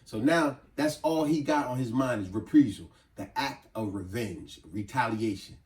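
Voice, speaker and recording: A man's voice: mid-range voice, normal speed, a little hiss or hum. A man casually reviewing a novel, animatedly retelling its plot in an echoey room far from the mic. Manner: animated retelling, lots of repeating. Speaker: book reviewer. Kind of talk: casual book discussion.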